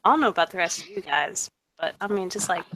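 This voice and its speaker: A woman's voice: fairly low pitch, lively intonation, quick pace, bright, forceful tone, slight background noise, pitched below the performer's own voice, low-quality recording. A woman playing a curious, chatty young woman who rambles casually with lots of fillers.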